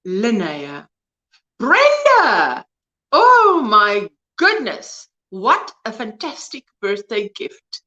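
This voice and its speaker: A woman's voice: a little high, pushed and bright, muffled recording. A woman in her fifties with a South African accent, hosting a casual crochet livestream from home, chatting with viewers, greeting them by name and laughing often. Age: 50s. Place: at home, indoors.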